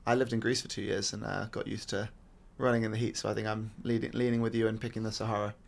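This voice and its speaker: A man's voice: fairly low pitch, level tone, creaky. A man co-hosting a podcast, joking and chatting casually. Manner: jokey, fast-talking. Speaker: podcast co-host.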